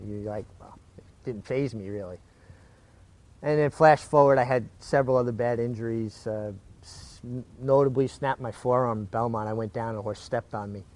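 A man's voice: medium pitch, darkish tone. A middle-aged man, a retired jockey, recounting his career in a casual interview, earnest and prone to repeating words as he restarts.

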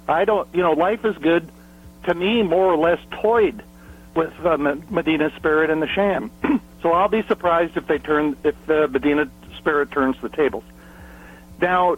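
A man who covers horse racing, giving emphatic analysis full of statistics and rhetorical questions, clearing his throat often. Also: a little high. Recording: phone line.

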